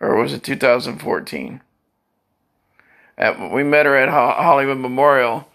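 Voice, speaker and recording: An older man rambling crudely in a casual vlog monologue, with a dry cough and frequent shout-outs. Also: medium pitch, normal speed, vocal fry. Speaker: social media vlogger.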